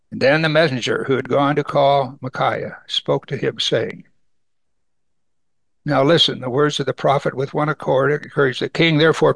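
Male preacher, gravelly and slightly high voice, conversational Bible teaching, dry close recording. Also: fairly bright tone, no room sound. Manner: reads scripture aloud and comments conversationally. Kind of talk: sermon.

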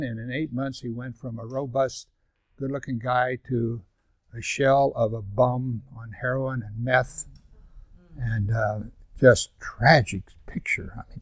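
An older male pastor preaching with a dynamic, conversational style. He reads scripture loudly and with emphasis, then drops into quiet asides and rhetorical questions. His voice sits at a middle pitch and is recorded dry and close, with little room sound. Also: no room sound. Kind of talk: sermon.

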